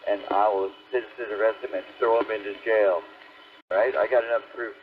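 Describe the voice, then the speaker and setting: A man's voice: lowish voice, steady tone, brisk, slight background noise. An older man, a ham radio operator, ranting angrily and profanely on the air with threats. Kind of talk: heated on-air argument. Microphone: radio transceiver microphone. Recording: tinny ham radio transmission.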